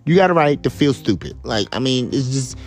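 A man's voice: medium pitch, animated, a little fast, faint music behind. A man hosting a podcast alone, talking in a casual, rambling, profane way, laughing often and stumbling over words. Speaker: podcast host. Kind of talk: casual solo commentary.

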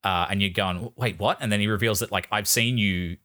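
A man's voice: lowish voice, fairly quick, pushed and bright. A man in a casual film discussion, thoughtful, often repeating words as he searches for the point.

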